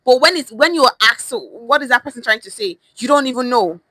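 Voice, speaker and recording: A Nigerian woman teaches pidgin phrases on a casual livestream. Her voice is bright and forceful, pitched a little high, and she drives points home by repeating them. The sound is dry, close to a phone or webcam mic. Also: lively intonation, a little fast, no room sound, rough recording. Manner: emphatic, repeats phrases, acts out reactions. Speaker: online language teacher. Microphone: phone or webcam on a live stream.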